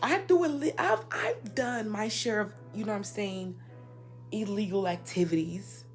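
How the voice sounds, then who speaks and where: A young woman telling a personal story in a casual, indignant rant, swinging between loud outbursts and quiet asides. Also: mid-range voice, moderate pace, soft background music. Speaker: storyteller vlogger.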